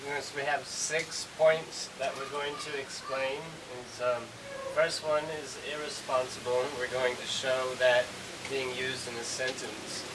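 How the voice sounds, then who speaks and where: A man's voice: mid-range voice, level tone, unhurried. A man co-hosting a casual English lesson, explaining step by step with frequent hesitations. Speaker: English teacher, co-host. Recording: hissy recording from a distance.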